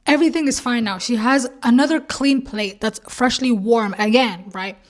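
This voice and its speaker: Animated young woman telling a story. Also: fairly high pitch, moderate pace. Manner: animated storytelling, acts out quoted dialogue, swears freely. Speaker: vlogger. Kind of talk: casual storytime.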